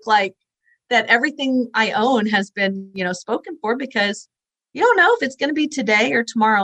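A woman's voice: medium pitch, a bit bright, no room sound, poor audio. A woman in her forties, a guest in an interview, tells a personal story in an earnest, conversational way and acts out the voices she quotes. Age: 40s.

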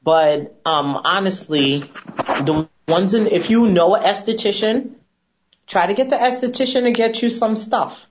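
A woman esthetician talking in an animated, emphatic, chatty way as a guest on a TV segment, on a dull lo-fi recording. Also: mid-range voice, a little slow, slight background noise. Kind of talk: casual TV chat.

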